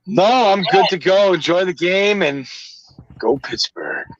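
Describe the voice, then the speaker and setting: A man co-hosting a casual sports podcast, talking in halting phrases and often repeating his words. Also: high-pitched, animated, dull audio. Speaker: podcast co-host.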